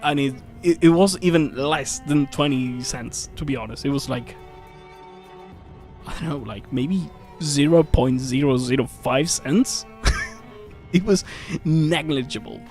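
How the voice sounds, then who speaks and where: A man streaming a game, telling a story in a casual, animated rant with swearing and frequent restarts. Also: a little high, measured pace. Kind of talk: casual chat while gaming. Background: faint game music.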